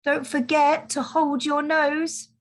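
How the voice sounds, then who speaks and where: A woman's voice: sits high, little pitch movement, slow pace, pitched above the performer's own voice. A woman voicing a small, sheepish, good-hearted male skunk in a storybook reading, in an earnest, slightly rueful way. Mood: cheerful.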